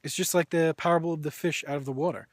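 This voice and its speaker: A man's voice: fairly high pitch, fairly even intonation, quick pace, no room sound. Earnest preachy man, dry close voice. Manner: earnest, preachy, many restarts. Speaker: vegan video blogger and author. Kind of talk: opinion monologue.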